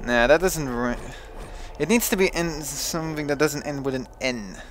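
A man's voice: on the high side, normal speed, a little hiss or hum. A young man with a Dutch accent, chatting casually and thinking aloud as he plays a video game. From Netherlands. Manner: chatty, thinks aloud with restarts and self-talk. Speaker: let's play gamer.

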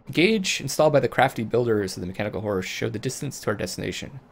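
A man's voice: medium pitch, animated, fast talker, gravelly, slight background noise. Man reading a game's story aloud. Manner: storyteller reading, breaks off into jokey chat. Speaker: let's play host. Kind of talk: reading game text aloud with casual asides.

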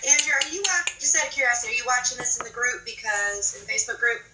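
A woman's voice: fairly high pitch, steady tone, very fast, roomy sound, very noisy. A woman guest on a live video call, flustered and scattered as she talks. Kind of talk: casual live-stream chat.

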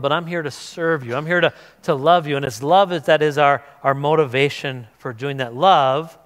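Animated man preaching in a reverberant church. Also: fairly high pitch. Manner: conversational, animated, acts out voices of biblical figures. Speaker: pastor. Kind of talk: sermon. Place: church sanctuary. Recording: long reverb of a church hall.

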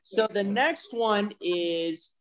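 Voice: mid-range voice, drawn-out words. A host introducing songs and reacting with enthusiasm. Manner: enthusiastic, brief remarks. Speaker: host of the lecture. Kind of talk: hosting a lecture.

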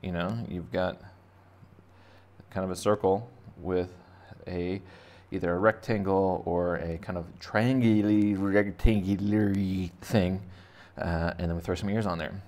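In a casual drawing lesson for kids, an art teacher rambles, cracks jokes and thinks out loud as he draws. He speaks unhurriedly in a low-pitched, darkish voice with fairly even intonation.

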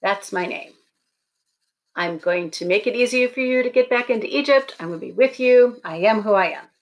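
A woman's voice: a little high, moderate pace, lightly acted. A woman doing a blunt, exasperated God. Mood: patient. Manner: blunt, matter-of-fact, casual. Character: exasperated patient deity, male voice.

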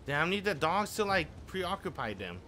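Guy streaming a game, cussing a lot, pitch all over the place, noisy background. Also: normal speed. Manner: profane, excitable running reactions. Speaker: gaming streamer. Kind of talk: live gameplay commentary.

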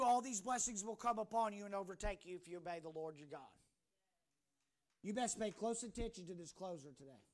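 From a church pulpit, a pastor with a high-sitting male voice preaches a fervent sermon at a brisk pace. His delivery swings from shouting to hushed talk.

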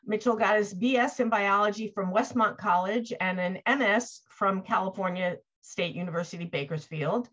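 A woman's voice: mid-range voice, a bit bright. A woman introduces the guest speaker at an online seminar, reading her notes with the odd filler. Her audio comes through a video call and sounds a little dull. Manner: reads the introduction with a few fillers. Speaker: seminar host.

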